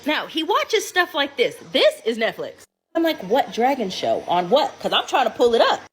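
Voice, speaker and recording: A woman, a mother, telling a story to the camera in a casual, animated and incredulous way. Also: a little high, moderate pace, husky. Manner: animated, incredulous, quoting her child.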